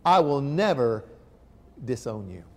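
A man's voice: medium pitch, big pitch swings, unhurried, darkish tone, pitched below the performer's own voice. A man voicing Peter as an impulsive, loyal disciple, emphatic and insistent. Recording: long hall reverb.

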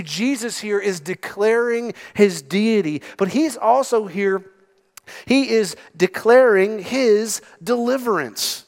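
A man preaching a sermon as pastor, emphatic and sometimes dropping to a hush. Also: high voice, expressive, slow pace. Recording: long hall reverb.

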